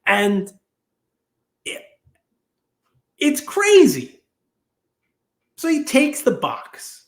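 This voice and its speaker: Man, podcast host, high voice, casual storytelling, acts out quotes, echoey room. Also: extremely slow, pauses often. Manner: animated, acts out quoted people.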